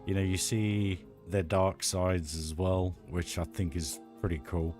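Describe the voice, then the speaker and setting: A man's voice: sits low, level tone, unhurried, darkish tone, soft background music. A British man live-streaming a building game, chatting enthusiastically and rambling with restarts. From United Kingdom. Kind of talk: casual live-stream chat while building.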